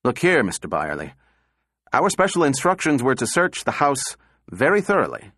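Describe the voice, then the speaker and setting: A man voicing a fussy, nervous little male official who blusters and pushes his voice higher. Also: wildly swooping pitch, moderate pace, fairly bright tone, breathy edge, no room sound, clean studio sound, full character voice. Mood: blustering.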